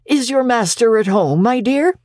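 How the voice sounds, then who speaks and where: A woman voices a joyful old man, a reformed miser who is eager, effusive and delighted, pitching her fairly high voice above her own yet close to everyday. Her delivery is lively at normal speed, a little mellow, recorded dry with clean studio sound.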